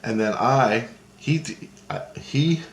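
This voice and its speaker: A man's voice: mid-range voice, expressive, slow pace, vocal fry, a little hiss or hum. A man casually recounting a dream in a rambling, profane way, with many restarts. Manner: rambling, profane, restarts and hand-gesture talk. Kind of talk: casual spoken storytelling. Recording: roomy echo, faint ambience.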